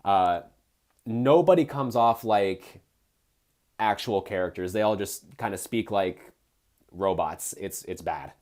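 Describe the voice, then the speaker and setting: A man's voice: fairly low pitch, slow pace, long pauses, a little mellow. A young man hosting a live stream, reading a badly written book aloud and mocking its prose with exasperated, sarcastic asides. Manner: sarcastic, exasperated, frequent fillers and restarts.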